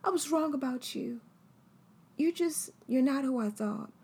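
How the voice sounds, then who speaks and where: A woman voicing an indignant onlooker who scolds someone in a shrill, exasperated way. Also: unhurried, dark tone. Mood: scolding.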